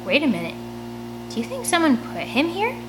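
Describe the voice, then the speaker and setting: A woman's voice: high voice, wildly swooping pitch, brisk, background noise, voice pushed up. A woman voicing an anxious, jumpy boy who talks in a worried, insistent way.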